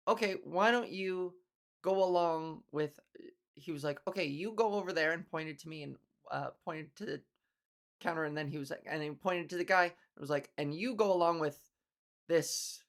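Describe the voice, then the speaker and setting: A woman's voice: on the low side, a bit bright. Wry, rambling woman podcast host. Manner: wry, rambling comedic storytelling with casual swearing. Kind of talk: late-night solo podcast monologue.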